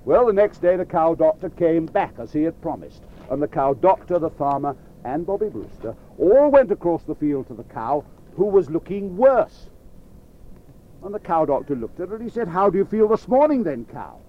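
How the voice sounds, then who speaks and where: A man telling a children's story to a live audience, lively and playful, talking straight to his listeners. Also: on the high side, normal speed, muffled recording, slight background noise.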